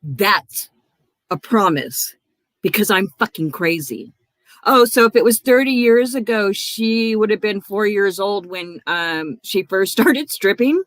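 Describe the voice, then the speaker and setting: A woman's voice: medium pitch, lively intonation, unhurried, a bit bright, no echo. A woman hosting her own livestream, angrily calling out people by name with lots of swearing. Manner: confrontational, swearing, calls out viewers by name. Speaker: livestream host. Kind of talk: angry livestream rant.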